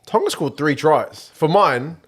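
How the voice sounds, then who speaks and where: A man's voice: a little high, animated, unhurried, a bit bright, slightly rough. A man, co-hosting a casual podcast chat and laying out facts and figures. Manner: matter-of-fact, brings stats and detail. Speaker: podcast co-host.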